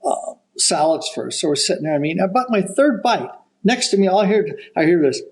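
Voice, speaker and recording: An older man, a golf broadcaster guesting on a podcast, telling an animated story and acting out the voices of the people in it. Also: sits high, fairly quick, poor audio. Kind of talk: storytelling anecdote.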